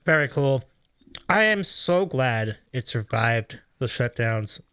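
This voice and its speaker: A man's voice: mid-range voice, slow, smooth, no echo, studio quality. A man hosting a casual interview, effusive and full of praise. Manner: animated, effusive, says "like" and "really cool" often. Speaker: podcast host.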